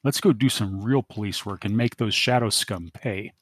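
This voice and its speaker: A man's voice: on the low side, normal speed, slightly rough, dry recording. A man voicing a tough young woman police cadet who speaks sharply and coldly. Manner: sharp, cold.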